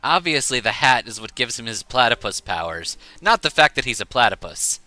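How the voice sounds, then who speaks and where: Bright playful game streamer. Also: mid-range voice, very animated, fairly quick, dry recording, faint music behind. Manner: playful, joking, puts on voices. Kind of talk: casual game commentary.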